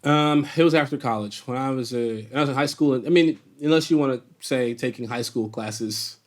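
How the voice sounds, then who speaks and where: A man from Chicago tells stories as an interview guest. His voice sits at a middle pitch, his manner is animated, and he breaks into laughter often as he trips over his restarts. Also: a little fast. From Chicago, USA. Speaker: guest actor. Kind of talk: casual storytelling in an interview.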